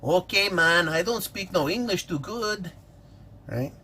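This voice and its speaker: A man's voice: high-pitched, expressive, unhurried, pushed and bright, a little hiss or hum, voice pushed up, full character voice. A man putting on a mocking exaggerated accent. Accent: put-on Mexican accent. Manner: exaggerated, mocking, sing-song. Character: mocking caricature of a broke adult man.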